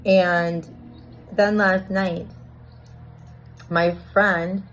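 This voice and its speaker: A woman's voice: on the low side, flat delivery, extremely slow, slight background noise. A woman in a reflective personal monologue, earnestly working through a confusing experience and acting out bits of dialogue. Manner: earnest, searching, reenacts dialogue. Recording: dull lo-fi recording.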